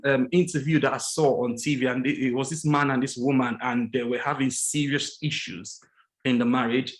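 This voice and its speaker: A man giving an earnest teaching talk about relationships as a guest on a religious morning show, slowing down and stressing key words and repeating his points. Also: rough recording. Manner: acts out quoted dialogue with lively pitch jumps.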